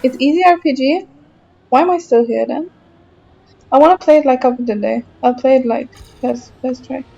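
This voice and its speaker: High-voiced frustrated gamer woman streaming. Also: moderate pace, creaky, dark tone, breathy edge, muffled recording. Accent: German. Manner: frustrated, chatty, reacting to chat while playing. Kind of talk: casual live-stream chat while gaming.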